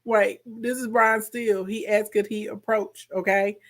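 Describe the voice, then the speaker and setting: A woman's voice: medium pitch, measured pace. A woman with a Southern accent giving casual, sassy commentary on court footage, often calling the audience "baby" and "y'all". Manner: animated, sassy, repeats "baby" and "okay".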